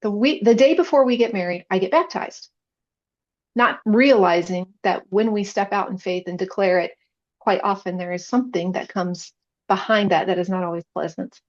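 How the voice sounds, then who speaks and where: Woman guest, earnest testimony, mid-pitched, slightly dull lo-fi sound. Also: normal speed. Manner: earnest, emotional storytelling. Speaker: podcast guest, chaplain. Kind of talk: personal faith testimony.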